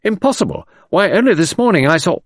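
An earnest young English gentleman, played by a male audiobook reader, owns up meekly and apologetically. His voice moves up and down freely. The reading is close and dry. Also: high-pitched, sing-song, fairly quick, no echo, pitched above the performer's own voice. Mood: startled.

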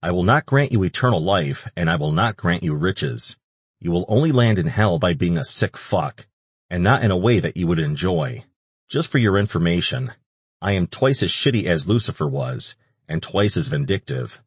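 A man's voice: sits low, animated, moderate pace, husky, no echo. A man voicing a surly, foul-mouthed male demon king who curses and snaps irritably. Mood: scornful. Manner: crude, irritable and cursing.

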